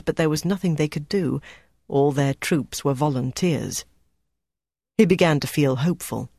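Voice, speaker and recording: A man's voice: fairly high pitch, no room sound. Man reading an audiobook, dry sound. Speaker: audiobook narrator. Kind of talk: scripted narration.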